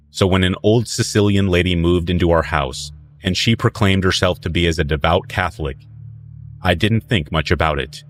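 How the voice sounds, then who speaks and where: A man from northern New Mexico telling a horror story in a calm, deliberate scripted narration. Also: low voice.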